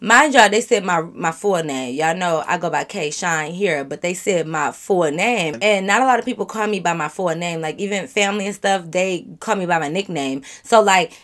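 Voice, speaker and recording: Animated woman telling a storytime vlog. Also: lowish voice, moderate pace, hardly any pauses. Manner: animated, chatty, addresses viewers as y'all. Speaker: vlogger.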